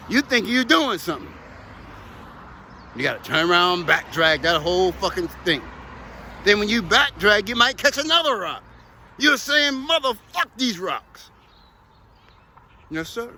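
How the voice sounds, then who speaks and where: Outdoors near traffic, a heavy equipment operator tells rambling stories about his work straight to camera. His high voice sounds pushed and bright, and he is profane and emphatic.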